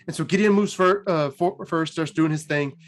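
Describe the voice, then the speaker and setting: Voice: medium pitch, moderate pace. A podcast host casually retelling fantasy game lore, rambling with many fillers and laughing at the jokes. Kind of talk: casual storytelling.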